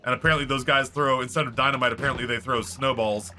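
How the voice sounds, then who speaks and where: Bright-voiced male game streamer. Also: medium pitch, fast, a little hiss or hum. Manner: rambling, animated storytelling with many fillers. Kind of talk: casual chat while streaming a game.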